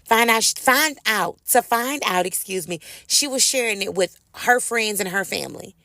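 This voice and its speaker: A woman's voice: medium pitch, animated, normal speed, sharp tone, dry recording, studio quality. A middle-aged woman, telling a personal story casually to her viewers and calling them y'all. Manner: chatty, addresses listeners as y'all. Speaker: host.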